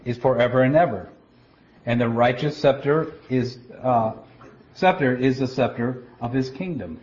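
A man preaching a Bible teaching, explaining scripture step by step in a deliberate way, often stopping to restart a word. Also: mid-range voice, expressive, a little mellow. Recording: dull lo-fi recording.

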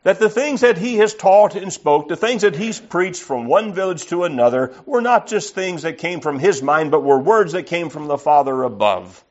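A man's voice: a little high, lively intonation, normal speed, hardly any pauses, darkish tone. A man preaching an earnest, emphatic sermon and reading scripture aloud. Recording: slightly dull lo-fi recording.

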